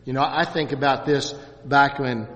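Man in his sixties, church class teacher, halting with fillers, medium pitch, long hall reverb. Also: fairly even intonation, fairly bright tone, highs cut off. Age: 60s. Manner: halting, many restarts and fillers. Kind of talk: church class lecture with questions.

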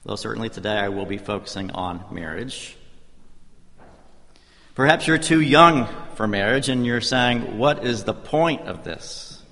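Gravelly-voiced male preacher in a reverberant hall. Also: lowish voice, expressive, bright, forceful tone. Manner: measured, conversational storytelling. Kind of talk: sermon. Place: church.

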